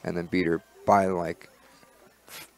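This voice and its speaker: A man co-hosting a podcast in casual chat, relaxed and rambling, with many fillers and restarts. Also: sits low, a little slow, vocal fry. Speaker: podcast co-host.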